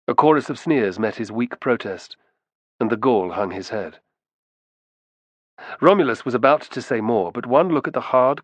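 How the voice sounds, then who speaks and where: A man reading an audiobook in a steady, measured storytelling manner on a close studio mic. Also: fairly low pitch, dry recording. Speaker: audiobook narrator. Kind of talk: scripted narration.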